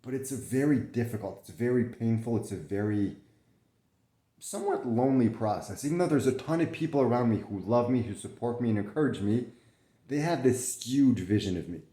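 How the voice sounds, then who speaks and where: A man's voice: mid-range voice, animated, brisk, dark tone, reverberant. A young man talking candidly from bed in a casual vlog, swearing often, restarting his sentences, coughing and short of breath. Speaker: vlogger sharing his illness. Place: in bed at home.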